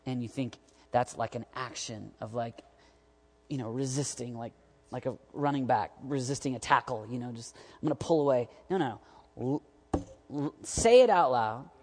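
Animated male preacher in a reverberant hall. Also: medium pitch, moderate pace, husky. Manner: animated, jokey, swings from loud urging to quiet asides. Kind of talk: sermon to young adults.

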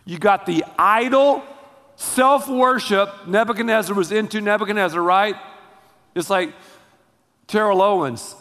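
High-voiced preacher, lively and slangy. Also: male voice, measured pace, big-room sound. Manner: animated storytelling with slangy asides. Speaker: pastor. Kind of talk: sermon.

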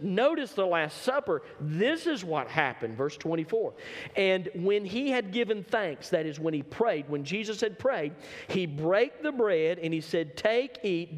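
A pastor delivering an impassioned sermon in a high, ringing voice. He swells into shouted emphasis and then sinks into low, hushed passages. The church sanctuary gives his words a long, lingering reverb. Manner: impassioned preaching, building to shouts and dropping low.

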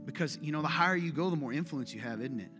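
Over music, a man with a voice on the high side preaches quickly to a congregation in a large church hall. This pastor talks casually, cracks jokes, and directs pointed questions at the room.

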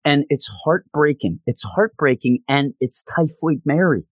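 Guy rambling excitedly about a comic, fillers everywhere, dry close sound. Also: fairly high pitch, a little slow, breathy edge, no room sound. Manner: rambling, passionate, lots of fillers. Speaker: comic book reviewer. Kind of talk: casual spoken review.

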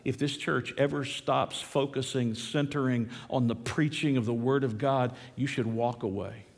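A male pastor preaching an impassioned sermon, telling a story dramatically with big swings in pitch and loudness. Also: steady tone, moderate pace, gravelly, breathy edge, in a large hall. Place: church.

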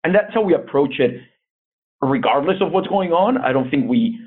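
Male guest, earnest advisory tone, husky voice over a tinny phone-quality line. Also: on the high side, expressive, normal speed. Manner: earnest, advisory, frequent restarts. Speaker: investment bank CEO, guest. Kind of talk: conversational interview answers.

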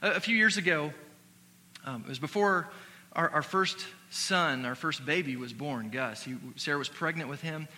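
A man in his thirties preaching a sermon as pastor. He shifts between emphatic exhortation and quiet personal storytelling. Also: on the high side, moderate pace. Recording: long hall reverb with faint hum.

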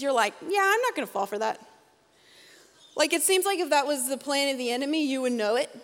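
A woman in her thirties preaching to a student conference in a humorous, conversational way with quick asides. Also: sits high. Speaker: conference speaker. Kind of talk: youth sermon. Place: large event hall. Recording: reverberant hall.

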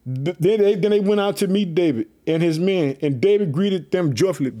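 A man hosting a podcast, giving animated, preachy commentary on a Bible passage with lots of repeated catchphrases. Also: high voice, moderate pace. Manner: energetic, preachy, repeats "let me tell you something". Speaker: podcast host.

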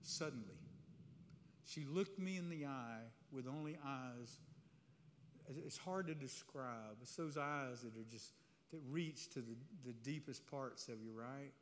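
Animated preaching man in a hall. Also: medium pitch, measured pace. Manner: animated, conversational preaching with frequent "right?". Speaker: speaker giving a testimony. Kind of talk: sermon-style testimony storytelling. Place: church hall with a live audience. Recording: reverberant hall, faint room noise.

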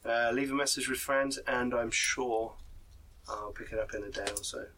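Guy doing a chatty dockside informant, rambles with lots of ums, bright clear voice. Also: medium pitch, steady tone, normal speed, distant mic, a little hiss or hum, natural voice, poor audio. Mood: confiding. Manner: rambling, confiding, full of hesitations. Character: chatty male townsman informant who knows the docks.

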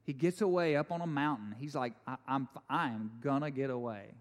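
A man preaching a sermon, animated and conversational, with jokes and asides to the congregation. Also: medium pitch, a little fast, in a large hall. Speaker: pastor.

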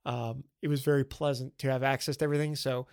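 A man co-hosting a casual film podcast, raised in the American South. He talks with eager enthusiasm and plenty of ums and restarts. His voice sits at an ordinary pitch for a man. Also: flat delivery, fast talker, darkish tone. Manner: enthusiastic, rambling with fillers. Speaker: podcast co-host.

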